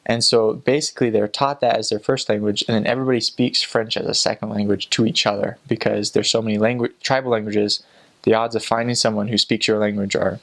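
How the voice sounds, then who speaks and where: A young man, a returned missionary, casually telling amused stories with lots of fillers. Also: lowish voice. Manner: relaxed, amused, chatty with frequent fillers. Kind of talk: casual storytelling.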